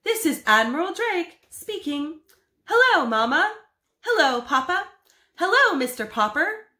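A woman voicing a male expedition admiral broadcasting over the radio in a storybook reading, speaking loudly and grandly. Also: extremely high pitch, sing-song, unhurried, pitched above the performer's own voice, exaggerated voice. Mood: proclaiming. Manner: loud, proclamatory. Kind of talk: storybook read-aloud. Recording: echoey room.

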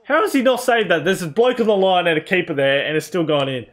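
A young man with a fairly high voice talks through his football video game as he plays. He is excitable, swears freely and yells at his own team when it goes wrong. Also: quick pace. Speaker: gaming YouTuber. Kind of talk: live gameplay commentary.

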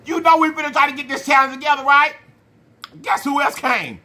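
A man hosting a food challenge vlog, talking to viewers in an animated, playful way with slang and drawn-out hype calls. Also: very high-pitched. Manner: slang-heavy, addresses viewers as y'all. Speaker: mukbang channel host. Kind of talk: casual vlog talk to viewers.

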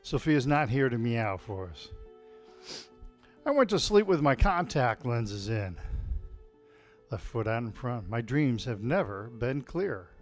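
Slow-paced man cueing tai chi. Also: mid-range voice, soft background music. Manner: calm cueing of movements mixed with deadpan puns. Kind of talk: live-streamed exercise class with jokes. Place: home, alone without a live audience.

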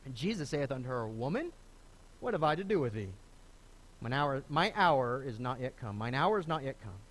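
A middle-aged man preaching a sermon as pastor, conversational and animated, often restarting phrases and acting out the people he quotes. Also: medium pitch, moderate pace. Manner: lively, conversational preaching with repeated starts and acted quotes. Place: church sanctuary.

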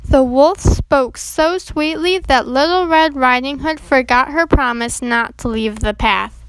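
Female storybook reader, gentle and measured, high-pitched, dry studio sound. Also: smooth, no room sound. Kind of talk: reading a children's storybook aloud.

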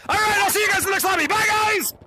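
A man hosting a fan meetup in a VR game, shouting and laughing as he greets many kids at once through his headset. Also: very high voice, racing. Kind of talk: excited livestream chat with fans in VR. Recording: noisy crowded game lobby. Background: crowd of players chattering.

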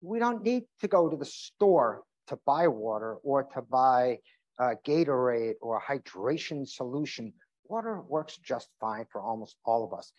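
A middle-pitched man talks through a health seminar, loose and conversational, stopping for fillers and going back to restart phrases. The recording sounds a little dull and lo-fi. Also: lively intonation, unhurried, darkish tone. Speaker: emergency physician giving a seminar. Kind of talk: informal health talk. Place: seminar room.

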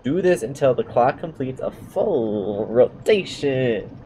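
A man's voice: medium pitch, animated, mellow, slight background noise, low-quality recording. Man putting on a stately mysterious game-maker voice. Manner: slow, stately, vague put-on accent.

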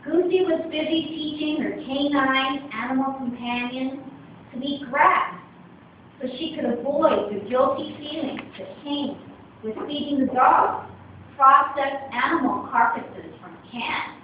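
A woman giving a wry, expressive storybook reading at a club meeting, recorded on a distant phone camera. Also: high-pitched, measured pace, slight background noise. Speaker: speech contest reader. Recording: echoey room from far, dull lo-fi.

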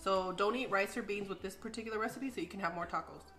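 A cheerful woman talks her viewers through a home cooking video in a casual, playful way. Her voice is bright and crisp. Faint music plays behind her. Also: mid-range voice, fast talker. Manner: upbeat, playful, chatty with viewers. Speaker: cooking channel host. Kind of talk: casual cooking chat and instruction.

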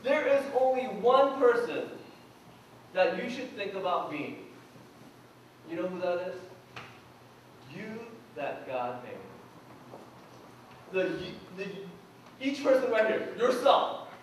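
A man with a notably high voice preaches in a relaxed, conversational way, putting questions to his congregation. He is picked up from a distance in a church hall full of echo, with faint room noise behind him. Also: takes it slowly, long pauses. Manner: humorous personal anecdotes. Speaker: pastor. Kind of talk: sermon. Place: church sanctuary. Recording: echoey church hall from far off.

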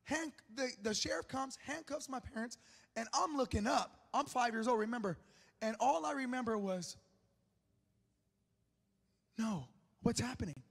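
A man's voice: extremely high pitch, normal speed, gravelly. A man preaching a sermon as pastor, telling personal stories with humor and joking with the congregation. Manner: lively, humorous storyteller who jokes with the congregation. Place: large church auditorium. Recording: long reverb of a large church hall.

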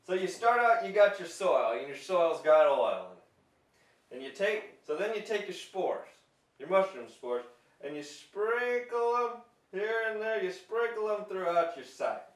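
A man's voice: sits high, big pitch swings, unhurried, pitched above the performer's own voice. A man playing a folksy homespun mushroom scientist. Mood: folksy chipper. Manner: folksy drawl, dropped g's, corny jokes. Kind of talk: comedy skit acting. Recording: roomy echo from a distance.

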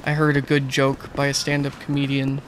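A man's voice: mid-range voice, monotone, a little fast, noisy background. A young man giving laid-back, joking commentary while streaming a game, often breaking into laughs. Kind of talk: casual gameplay commentary.

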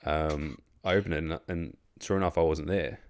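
A man's voice: very deep voice, fairly even intonation, moderate pace. An Australian man hosting a casual chat, telling a long story in a rambling way with lots of fillers, restarts and swearing. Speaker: host.

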